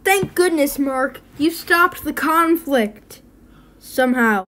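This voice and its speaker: Playful woman, high and slow. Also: animated, a bit bright. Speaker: video creator. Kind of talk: homemade comedy skit narration.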